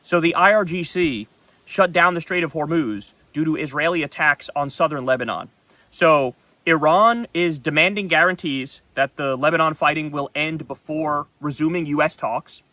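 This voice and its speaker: A man's voice: a little high, moderate pace, bright, forceful tone, dry recording. A man hosting a solo political commentary show, talking in a blunt, heated, profane way. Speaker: political talk show host.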